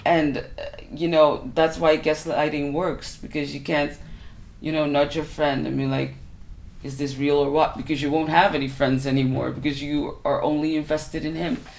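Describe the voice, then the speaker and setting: A woman's voice: sits low, level tone, normal speed, a little mellow. A woman telling her own experience in an earnest, intense way. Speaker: interviewee sharing her experience. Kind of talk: personal testimony.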